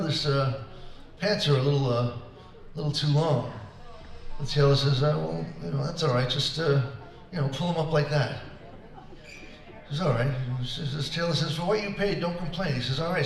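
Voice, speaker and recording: A slightly high, fairly quick male voice with some vocal fry comes from across an echoey room. He's a concert performer at a senior center, casually joking with the audience between numbers and voicing the characters in his bits.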